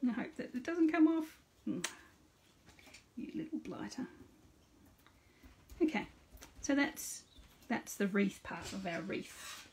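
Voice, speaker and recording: A woman's voice: a little high, very animated, measured pace, hardly any pauses, darkish tone, a little hiss or hum. A middle-aged woman hosting a casual live card-making demonstration. She chats with viewers by name and narrates each step aloud.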